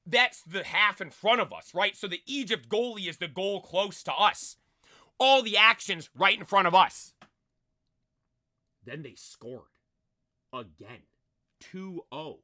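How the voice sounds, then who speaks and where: Young male streamer, high-pitched and dry, with a slightly strained voice; an animated, rambling storyteller. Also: slow, pauses often, dry recording. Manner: animated, rambling, many fillers and restarts. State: voice nearly lost from screaming. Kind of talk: excited storytelling.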